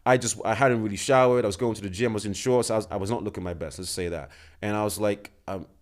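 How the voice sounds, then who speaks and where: A young man with a very deep voice tells a story in relaxed podcast chat. He acts out what each person said and laughs as he goes. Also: fast. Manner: animated storyteller, acts out quoted lines, laughs often. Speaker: podcast co-host.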